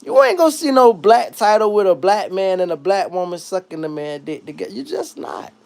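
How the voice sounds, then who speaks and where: A man hosting a livestream, reading chat comments and riffing in a casual comedic rant that swings between loud high bursts and low mutters. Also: big pitch swings, fairly quick, vocal fry.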